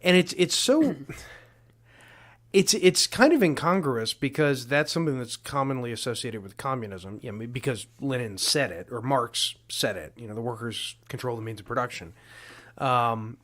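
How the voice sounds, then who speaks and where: A man with a mid-range voice co-hosts a casual film podcast. He works his way through arguments haltingly and often restarts his sentences. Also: mid-range voice, expressive, a bit bright. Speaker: podcast co-host. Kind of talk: casual film-discussion chat.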